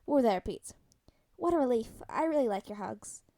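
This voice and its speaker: A woman voicing a gentle, reassuring man, a mentor with a casual, lightly teasing way of talking. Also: a little high, animated, moderate pace. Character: gentle, dry-humored older man, a mentor.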